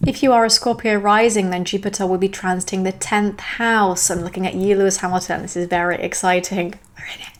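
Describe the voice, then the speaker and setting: A woman's voice: medium pitch, steady tone, fairly quick, few pauses. A woman hosting a solo astrology podcast, talking in a chatty, enthusiastic way with self-aware asides.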